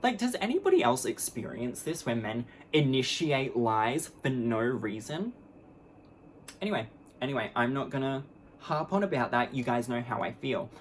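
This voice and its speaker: A woman's voice: very deep voice, very animated, normal speed, a little hiss or hum. A young adult woman telling a story on her vlog, candid, blunt and sarcastic, mocking the people in it with put-on voices. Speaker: vlogger.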